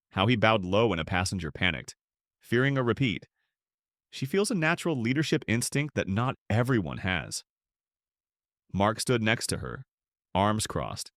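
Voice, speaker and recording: A man narrating a scripted story in a steady, even storytelling manner. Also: fairly low pitch, no room sound, studio quality.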